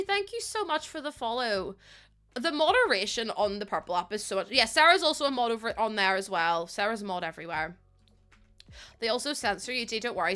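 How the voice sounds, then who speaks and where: Bright, giggly young Northern Irish woman streamer, chatty with faint music underneath. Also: a little high. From Northern Ireland. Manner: chatty, giggly, loose and animated. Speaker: live streamer. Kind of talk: casual chat with live chat.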